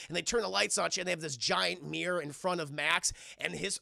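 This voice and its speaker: A man's voice: sits high, quick pace, gravelly, dry recording, clean studio sound. A man casually recapping a film scene by scene for his live chat, swearing often and acting out the characters. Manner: animated, swears a lot, acts out scenes. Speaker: streamer reviewing a film.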